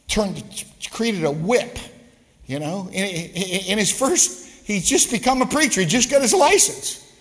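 A male pastor preaching a live-streamed sermon in a church, rambling, repeating words, with humorous asides. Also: sits high. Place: church sanctuary. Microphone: live-streamed service mic. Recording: long church reverb.

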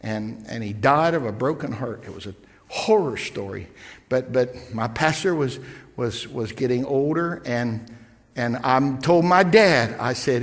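A middle-aged man preaching, telling a personal story in a halting, emotional way with many repeated words. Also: medium pitch, animated. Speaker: pastor. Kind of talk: sermon storytelling. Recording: long reverb of a large hall.

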